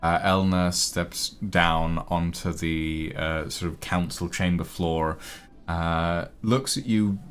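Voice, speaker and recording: A man's voice: deep voice, steady tone, slow pace, a bit bright, clean tone. A man narrating a tabletop game as game master, hesitant and full of fillers.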